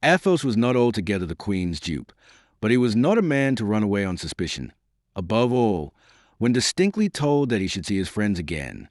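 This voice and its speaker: A man narrating a classic novel as an audiobook in a measured, expressive reading. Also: lowish voice, no room sound, clean studio sound.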